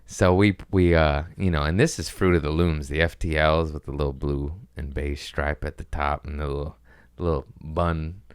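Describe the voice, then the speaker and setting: A man in his thirties hosting a podcast, telling rambling, crude comedic stories and slipping into quick put-on voices. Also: very deep voice, fairly even intonation, clear, resonant tone, no room sound. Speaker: podcast host. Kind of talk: casual comedic chat. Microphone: studio podcast mic. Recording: dry close studio sound.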